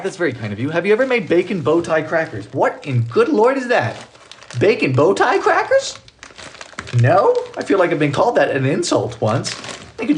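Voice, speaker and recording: A man's voice: fairly high pitch, slight background noise. A young man chatting casually while baking on a livestream, reading out viewer comments with playful exclamations. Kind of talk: casual live baking stream chat.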